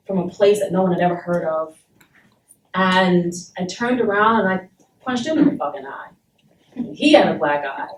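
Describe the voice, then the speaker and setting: A woman from Saint Thomas in the Virgin Islands, speaking to a university class and telling a personal story in a blunt, emphatic way, with frequent swearing. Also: medium pitch. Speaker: guest speaker. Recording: roomy and distant, faint background noise.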